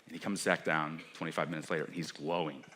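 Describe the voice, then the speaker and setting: A man giving a storytelling keynote on a conference stage, animated and acting out the dialogue of the people in his story. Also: very deep voice, fast. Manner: animated, acts out dialogue with quoted voices. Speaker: keynote speaker.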